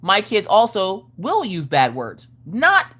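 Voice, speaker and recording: A woman hosting a live stream and chatting casually about parenting, frank and profane, with animated storytelling. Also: mid-range voice, slow, breathy edge. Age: adult parent of school-age children.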